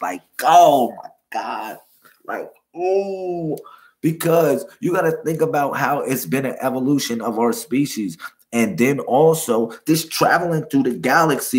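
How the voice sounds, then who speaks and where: A man hosting a livestream, giving a loose, repetitive spiritual teaching full of slang and shout-outs to viewers. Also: medium pitch. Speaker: livestream host.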